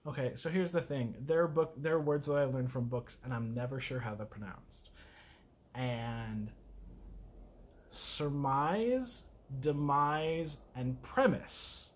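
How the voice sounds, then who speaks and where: A man casually reading a poem aloud, halting and self-mocking as he stumbles over words. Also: medium pitch. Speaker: video host.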